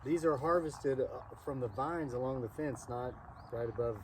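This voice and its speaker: An easygoing man explains how he likes to garden, speaking plainly and patiently. His voice is mid-pitched and relaxed. A faint hiss sits behind his voice. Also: normal speed. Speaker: husband co-host. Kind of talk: casual garden chat.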